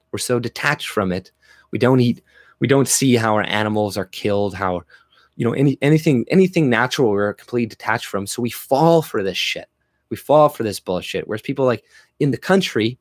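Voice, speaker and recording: A man's voice: medium pitch, dry recording, clean studio sound. A man ranting on a livestream, blunt and profane, stumbling through restarts and fillers. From Canada. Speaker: livestream commentator.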